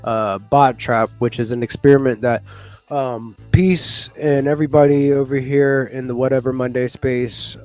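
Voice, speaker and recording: A man's voice: medium pitch, a little mellow. A man hosting a casual live news chat, rambling with lots of fillers and laughing now and then. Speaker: morning show host.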